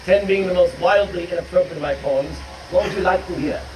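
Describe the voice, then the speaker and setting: A man's voice: high-pitched, fairly quick. A man performing a live comic poetry show outdoors, teasing the crowd in a wry, crude way. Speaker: poet performing a stage show. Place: outdoor stage in a meadow with benches. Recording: distant echoing outdoor live recording, noisy.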